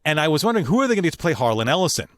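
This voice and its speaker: A man, a voice actor as a podcast guest, telling studio stories in a lively way, laughing and acting out the voices of the people he quotes. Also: on the high side, racing, dry recording. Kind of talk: animated storytelling in conversation.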